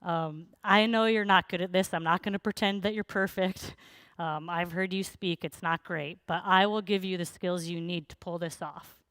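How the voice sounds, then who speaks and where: A patient, reassuring male deity speaks steadily to a doubter, voiced by a woman preacher. The tone is low and smooth. The recording is dry and close. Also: fairly even intonation, normal speed, a bit bright, dry recording, lightly acted.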